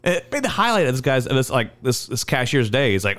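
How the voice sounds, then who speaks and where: A man's voice: fast, hardly any pauses. A man in his thirties telling stories in casual chat, swearing freely and acting out the people in them. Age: 30s. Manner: animated, acts out the people in his stories with big pitch jumps; swears a lot. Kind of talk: casual storytelling.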